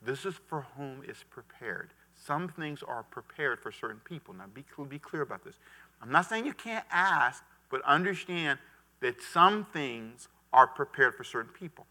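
A middle-aged man preaching a lively sermon as pastor, calling on the congregation to repeat after him. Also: mid-range voice, moderate pace. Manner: animated preaching with call-and-response to the congregation.

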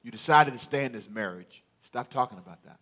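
A man pastor preaching a sermon with emphatic delivery and rhetorical questions, often building to loud peaks. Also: medium pitch, animated, brisk.

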